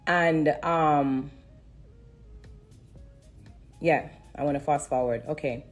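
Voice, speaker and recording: A woman giving an emotional testimony on a live stream, religious and repetitive, pausing to breathe and fight back tears. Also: low voice, muffled recording, faint music behind. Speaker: live streamer sharing her story.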